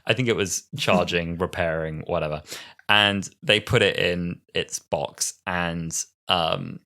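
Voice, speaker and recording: A man in his twenties co-hosting a podcast in casual chat, animated and laughing often. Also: low-pitched, slow pace. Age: 20s. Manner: animated, laughs often, breaks into silly voices. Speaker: podcast co-host.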